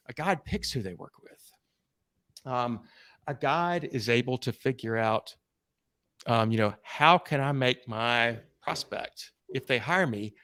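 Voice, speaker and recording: A man who is a sales coach and podcast guest, telling stories in a blunt, animated way and swearing freely. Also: medium pitch, no echo, studio quality. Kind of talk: casual storytelling interview.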